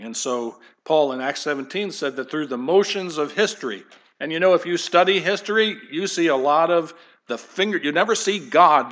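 A man's voice: on the high side, a bit bright. Conversational male pastor preaching. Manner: conversational, digressive, addresses kids and congregation directly. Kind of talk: sermon. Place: church.

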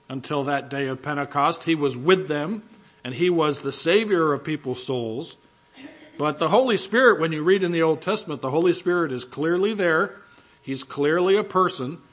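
A man's voice: a little high, moderate pace, a bit bright, dull audio. Man preaching a conversational sermon. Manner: conversational teaching with rhetorical questions. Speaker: pastor.

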